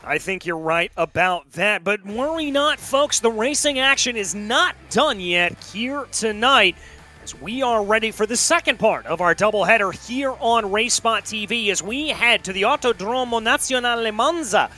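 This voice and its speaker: A man's voice: high voice, animated, normal speed, sharp tone. A man hosting an online racing broadcast, upbeat and rattling off championship standings. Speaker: sim racing commentator. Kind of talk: play-by-play broadcast commentary.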